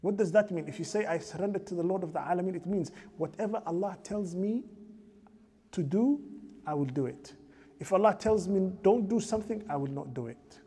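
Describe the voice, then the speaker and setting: A man's voice: high voice, animated, brisk, warm tone, slightly rough. A man giving a mosque lecture as imam, asking the audience rhetorical questions and chanting scriptural verses in a raised voice.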